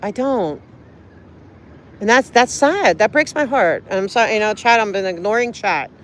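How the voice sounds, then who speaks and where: Woman rambling on a street livestream, earnest and pleading, mid-pitched, a bit of traffic noise behind. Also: expressive, moderate pace. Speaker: livestreaming auditor. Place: outdoors on a city street.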